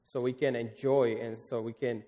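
A man's voice: mid-range voice, level tone, moderate pace, mellow. A man preaching a morning sermon, earnest and pleading, often restarting his phrases. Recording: long hall reverb.

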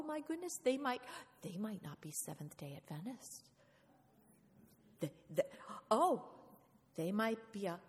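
A woman preaching a lively sermon in a church, playful and animated, often asking the congregation questions. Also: mid-range voice. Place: church hall. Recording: reverberant hall.

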